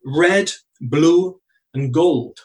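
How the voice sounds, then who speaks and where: A man preaching a sermon in a church, earnest, slowing down to stress key phrases. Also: on the high side, distant mic, poor audio.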